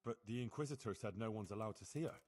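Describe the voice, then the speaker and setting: A determined, loyal young hero from a video game, voiced by a man. He speaks plainly and directly with a low, husky voice. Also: quick pace, a little mellow, close to an everyday voice.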